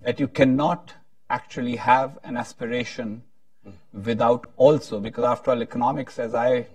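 A man's voice: mid-range voice, steady tone, normal speed, a little mellow, no room sound, far from the mic. A man moderating a panel discussion, talking in a rambling, hesitant way with frequent restarts.

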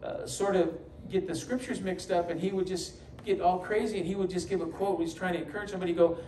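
This New York pastor speaks high and fast with a fairly even, mellow delivery as he preaches, spinning stories with funny asides and imitating the people he quotes. The distant mic in the echoey sanctuary picks up faint ambience and a little hiss or hum.

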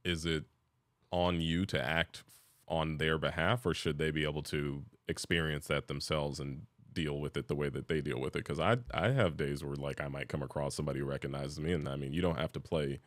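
A man co-hosting a casual podcast, talking in a reflective, measured way as he explains his views. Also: rumbling low, steady tone, a bit bright, no room sound, clean studio sound. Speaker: podcast co-host. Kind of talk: casual chat.

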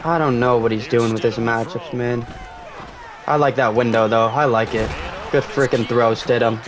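Young male gamer, excitable, swears freely, game crowd roaring behind. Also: mid-range voice, moderate pace. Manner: excitable, swears, yells at big plays. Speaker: gaming streamer. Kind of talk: live game commentary.

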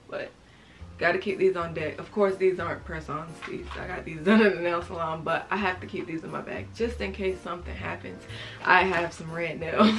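A woman's voice: on the low side, fairly bright tone. A young woman showing what's in her bag to her viewers, chatty and casual, calling them y'all. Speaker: beauty vlogger. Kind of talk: casual show-and-tell vlog.

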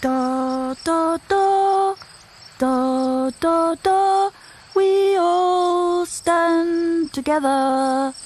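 An excited little boy bear who calls out in a high, clear voice. He is eager and cheerful, leaping wildly in pitch with slow, stretched-out words. It is a storybook cassette with music playing behind. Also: heavily acted. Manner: high, breathless, excited calling.

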